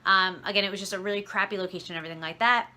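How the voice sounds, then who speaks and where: A woman's voice: mid-range voice, steady tone, racing, pushed and bright. A young woman vlogger telling a long rambling story in a chatty, casual way, recorded on her phone. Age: young adult. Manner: rambling, chatty, fed-up asides. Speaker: vlogger and reseller.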